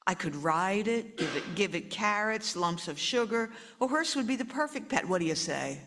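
A woman's voice: medium pitch, lively intonation, normal speed, fairly bright tone, big-room sound. Woman doing an eager pleading little girl.

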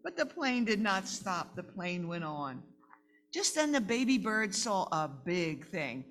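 A woman reading a picture book aloud to children at a live event, animated and talking to her audience. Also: medium pitch, measured pace, faint music behind. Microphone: microphone.

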